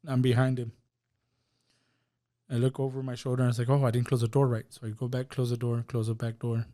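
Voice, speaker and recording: A man tells a raw personal story as a podcast guest and voices each person's words as he goes. His voice is mellow and dark, at a middle pitch. He speaks with heavy emotion throughout. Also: little pitch movement, a little fast. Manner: emotional storytelling, acts out dialogue. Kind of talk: personal testimony.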